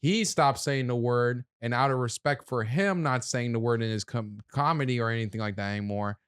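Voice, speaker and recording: Male podcast guest from South Florida; earnest, easy laugh, smooth resonant voice. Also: mid-range voice, fairly quick, no echo, clean studio sound. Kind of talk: casual podcast chat.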